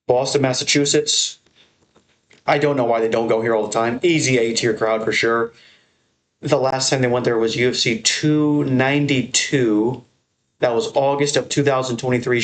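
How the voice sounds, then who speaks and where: A young American man rambles through a tier list in a loose, excitable way, swearing freely as he goes. His voice sits at an ordinary middle pitch and jumps higher when he gets worked up. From American Northeast. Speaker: MMA content creator. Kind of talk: casual tier-list commentary.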